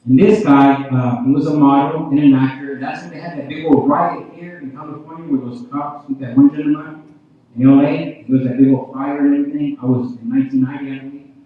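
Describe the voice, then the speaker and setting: Fast-talking preacher in an echoey hall. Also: male voice, on the high side, fairly even intonation. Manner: addresses the crowd often, repeats "you know what I mean?". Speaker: preacher giving testimony. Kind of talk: revival testimony. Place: large church hall. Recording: tinny, very echoey hall from far off.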